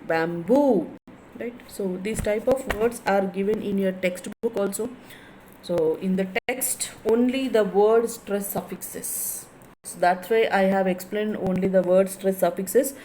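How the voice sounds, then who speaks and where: A woman English lecturer with an Indian English accent teaches at a very unhurried pace. She says each word aloud, then repeats it to drill the stress. A faint background hum sits under her voice. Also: mid-range voice, dark tone, rough recording.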